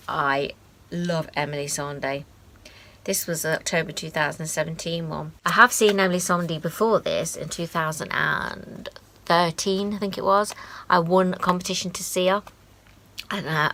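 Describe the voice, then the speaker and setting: Gravelly, bright-voiced British woman in her forties. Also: fairly low pitch. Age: 40s. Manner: chatty and sentimental, with soft asides. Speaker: craft vlogger. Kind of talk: casual show-and-tell.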